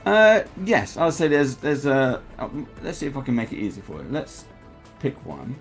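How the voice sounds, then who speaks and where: Animated man running a tabletop game. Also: medium pitch, moderate pace, gravelly, faint music behind. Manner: animated, acts out crowd noises and sound effects. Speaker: game master.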